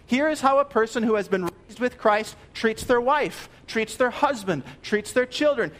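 A man delivering a sermon in a notably high voice. He speaks earnestly and with emphasis, repeating key phrases. His phrase endings drop low and soft. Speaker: pastor.

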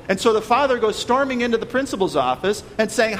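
A man's voice: extremely high pitch, expressive, brisk, few pauses, fairly bright tone. A man preaching a sermon, earnest and pleading, often stumbling over repeated words. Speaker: pastor. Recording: long reverb, faint noise.

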